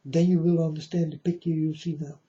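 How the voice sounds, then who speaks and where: A man giving a preachy monologue to his viewers, halting often and grandly addressing them as folks. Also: a little high, little pitch movement, warm tone. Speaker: self-styled preacher vlogger. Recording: dull lo-fi recording.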